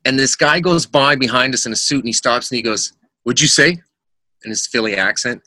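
Bright-voiced man telling road stories. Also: mid-range voice, fast, no echo. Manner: animated anecdotes, acts out quotes, laughs often. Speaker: rock singer, guest. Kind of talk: casual storytelling in a podcast interview.

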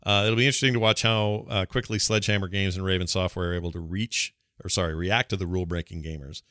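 A podcast co-host with a deep voice talks fast, his intonation fairly even and his tone sharp, on a dry, studio-quality recording. On this gaming podcast he chats casually and reads listener emails, rambling and often correcting himself mid-sentence.

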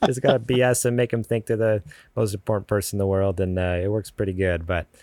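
A man's voice: fairly low pitch, little pitch movement, quick pace, a little mellow, no echo. A man co-hosting a podcast from his garage, talking in a loose, joking way full of fillers. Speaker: podcast co-host. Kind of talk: casual podcast chat. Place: home garage with the door open.

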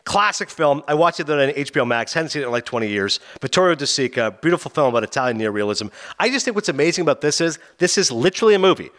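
Animated guy gabbing about movies, kinda high voice, jumps all over in pitch, talks fast. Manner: animated, acts out film scenes in quick put-on voices. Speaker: podcast host. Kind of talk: casual movie discussion.

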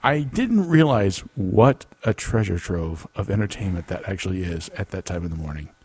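A man's voice: low voice, animated, moderate pace, darkish tone, husky. A man co-hosting a casual comedy podcast, telling stories animatedly and laughing often. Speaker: podcast co-host.

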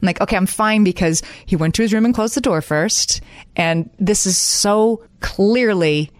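A woman in her forties, co-hosting a casual parenting chat in a calm, reflective way and laughing at herself now and then. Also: medium pitch, unhurried, no room sound, studio quality. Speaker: podcast co-host.

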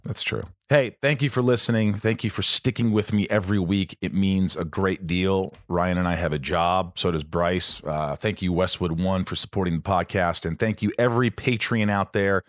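Low-voiced male podcast host, rambling, profane, casual chat; dry close mic. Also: moderate pace, few pauses, no room sound. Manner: rambling and profane, with sudden high excited bursts.

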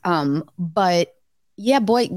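A woman's voice: fairly low pitch, lively intonation, extremely slow, darkish tone, no room sound, studio quality. A middle-aged woman co-hosting a podcast, rambling through a family story in casual chat. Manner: chatty, rambling, many fillers and restarts. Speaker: podcast co-host.

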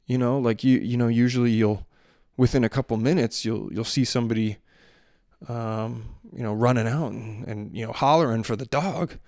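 A man's voice: mid-range voice, moderate pace, darkish tone, dry recording, studio quality. A man in his thirties or forties, a podcast host and father, telling a story in a loose, rambling way with lots of fillers and restarts, recorded in a bedroom on a handheld mic. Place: bedroom at home. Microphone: handheld microphone.

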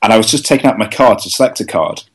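A man's voice: fairly low pitch, very fast, slightly rough, low-quality recording. A man from the UK co-hosting a podcast, explaining things in a chatty, rambling way. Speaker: podcast co-host. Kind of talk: casual chat.

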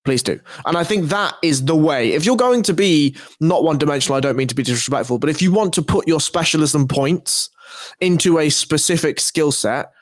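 A man's voice: a little high, brisk, no room sound. A man co-hosting a podcast, breaking down fighters in a thoughtful, analytical way. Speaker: podcast co-host. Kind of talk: casual MMA analysis chat.

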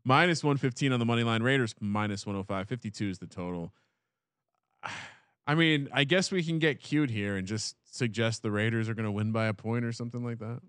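A man co-hosting a sports betting show, rattling off stats with playful catchphrases and quick self-corrections. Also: medium pitch, fairly bright tone, smooth, no echo. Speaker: sports betting podcast co-host. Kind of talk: casual sports betting chat.

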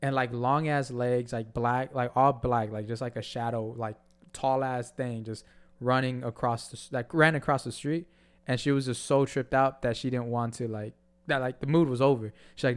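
Man with a mid-range voice, slangy and relaxed. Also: mid-range voice, normal speed, smooth. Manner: relaxed slangy storytelling with restarts. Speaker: podcast co-host. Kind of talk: casual storytelling chat.

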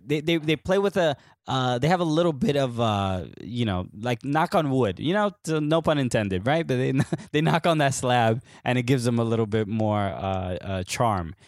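A man's voice: medium pitch, expressive, normal speed, hardly any pauses, no echo. A young man from the United States chats casually as a podcast co-host. He tells stories in loose, rambling bursts, full of "uh" and "like", and laughs often. His mid-range voice is recorded close and dry, with no room sound. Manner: rambling storyteller, frequent fillers, laughs often. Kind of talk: casual chat.

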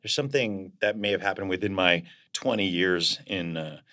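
A man's voice: sits low, moderate pace, sharp tone. A man being interviewed as a guest actor, talking in a reflective, casual way and searching for words as he goes.

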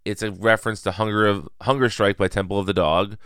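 A man's voice: lowish voice, steady tone, fast, a bit bright, clean tone, no echo, clean studio sound. A man hosting a casual solo podcast, rambling and correcting himself with a chuckle. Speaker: podcast host.

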